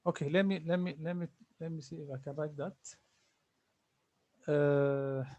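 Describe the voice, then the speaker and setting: A man's voice: fairly high pitch, fairly even intonation, normal speed, warm tone, no room sound, muffled recording. A man teaching an online class, patiently repeating sounds and names for his students over a video call. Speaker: Arabic teacher.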